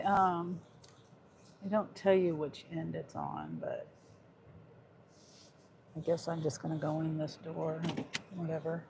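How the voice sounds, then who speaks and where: A woman's voice: deep voice, animated, takes it slowly, vocal fry, long pauses, a little mellow. A woman livestreaming as a delivery driver, chatting casually and reading viewer comments aloud while she drives. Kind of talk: casual live stream chat. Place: inside a car while driving. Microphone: phone mounted on the dash. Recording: noisy in-car phone recording.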